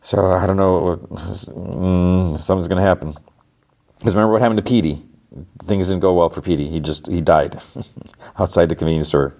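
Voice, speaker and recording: A podcast host with a low, darkish voice retells a TV episode at normal speed. His delivery is rambling and casual, packed with fillers and heavy on "like."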